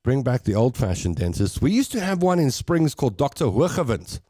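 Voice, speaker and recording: A man's voice: medium pitch, very animated, warm tone, no room sound, studio quality. A South African man hosting a casual livestream chat, reading viewer comments aloud and rambling through stories with a laugh. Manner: chatty, rambling, quick to laugh at his own jokes. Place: home studio.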